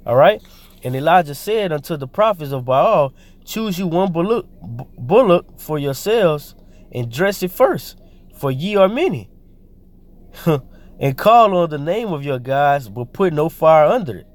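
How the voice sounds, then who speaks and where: A man with a somewhat high voice preaching informally. He reads scripture aloud, then breaks into slangy, rambling commentary full of fillers and restarts. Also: big pitch swings, a little slow.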